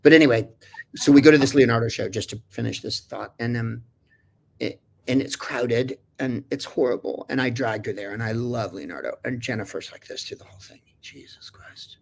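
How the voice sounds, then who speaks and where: A man's voice: medium pitch, brisk, gravelly, a little mellow. A man guesting on a livestream talk show, telling long, digressive anecdotes with lots of restarts. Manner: rambling, digressive, many restarts and fillers. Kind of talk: casual chat, storytelling.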